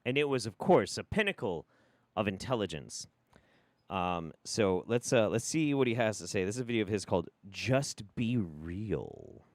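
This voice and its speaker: A man hosting a live stream, giving sarcastic commentary, often laughing and swinging from loud bursts to quiet mutters. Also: lowish voice, sing-song, moderate pace, no room sound. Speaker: streamer host.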